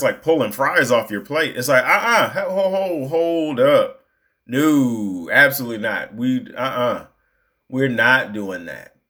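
A man's voice: medium pitch, fairly bright tone. A man giving a casual, emphatic monologue, full of fillers and asides. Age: adult. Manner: conversational, emphatic, lots of fillers.

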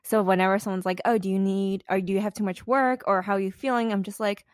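A young woman co-hosting a podcast in casual chat, swearing freely and acting out quotes with big pitch jumps. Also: steady tone, fast, no echo, studio quality. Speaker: podcast co-host.

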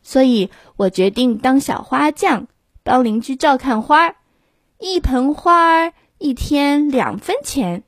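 Figure: eager young boy, put on by a woman. Pitch: raised well above her own. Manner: bright, excited, insistent. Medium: read-aloud storybook, slow and dry. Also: dry recording. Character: eager young boy starting a plant-care job.

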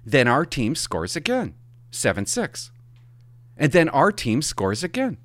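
A middle-aged man, a hockey parent, telling a rambling, animated story in a casual monologue and swearing for emphasis. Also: fairly high pitch, a little slow, no room sound.

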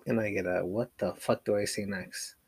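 A man's voice: on the low side, steady tone, normal speed, slightly rough, no echo. A man hosting a casual solo podcast, rambling with lots of fillers, restarts and casual swearing. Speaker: podcast host.

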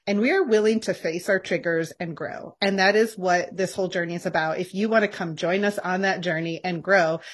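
Woman co-host, lively and expressive, laughs easily, relaxed podcast talk. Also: fairly quick, hardly any pauses. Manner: animated, laughs often, lively pitch jumps. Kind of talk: casual faith-based podcast chat.

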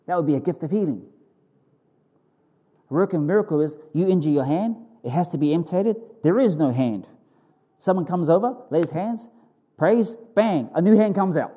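A male pastor teaching a sermon with animated, vivid storytelling. His voice sits a little high for a man but sounds soft and mellow. He keeps an informal tone and often stops to correct himself. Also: normal speed, husky. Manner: informal, self-correcting asides.

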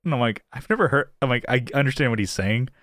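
A man's voice: mid-range voice, fast, no echo, clean studio sound. A man co-hosting a podcast in casual chat, retelling stories and acting out the quotes in raised voices. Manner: animated storyteller, acts out quotes in raised voices. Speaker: podcast co-host.

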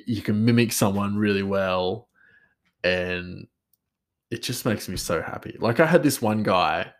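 A man, a chef, telling a story in a rambling, casual way and chuckling often. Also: lowish voice.

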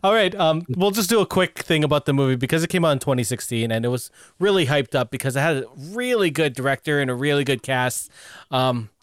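A man hosting a casual podcast conversation, speaking in a relaxed way and moving the talk along with questions. His voice sits in a middle pitch. The sound is dry and close. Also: fast talker, clear, resonant tone, no echo. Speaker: podcast host. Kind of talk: casual chat.

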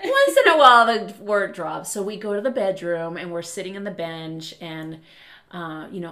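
A woman in her thirties, hosting a casual chat and telling animated family stories while laughing often. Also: lowish voice, moderate pace. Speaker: podcast host.

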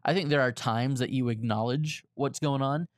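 A man's voice: mid-range voice, normal speed, no room sound, studio quality. A man in his forties from Florida, co-hosting a casual church podcast, telling stories and laughing often. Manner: chatty storyteller, laughs often. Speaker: podcast co-host, pastor. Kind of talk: casual chat.

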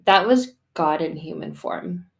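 A middle-aged woman talks through a casual faith podcast monologue. She is animated and chatty, and she often jumps into playful voices to act out little scenes. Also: on the low side, measured pace, gravelly. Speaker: podcast host.

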